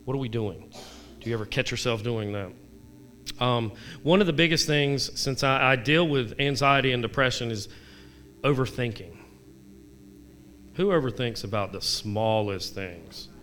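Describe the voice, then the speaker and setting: A man's voice: mid-range voice, moderate pace, pauses often, fairly bright tone, a little hiss or hum. A married man giving a casual devotional talk. He reads scripture aloud and makes candid, self-deprecating asides and direct questions to his listeners. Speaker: devotional vlogger.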